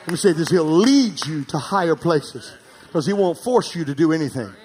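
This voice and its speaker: A man preaching a sermon as pastor, calling for amens and swinging from emphatic, near-shouted peaks to quiet asides. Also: on the high side, animated, normal speed. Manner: calls for amens from the congregation.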